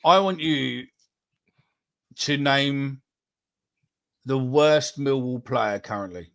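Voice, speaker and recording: A man's voice: mid-range voice, slow, gravelly, a bit bright, clear, resonant tone. A man co-hosting a live football podcast, talking bluntly and swearing freely. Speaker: podcast co-host. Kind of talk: casual live-stream chat.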